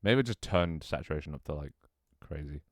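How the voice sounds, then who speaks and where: A man with a very deep, low voice mutters and thinks aloud while he builds a game level on stream. He swears freely, banters with his chat, and his voice sometimes cracks. The sound is dry and close, with no room echo. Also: lively intonation, brisk. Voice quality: voice cracks at times. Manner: mutters to himself, swears often, jokes with chat.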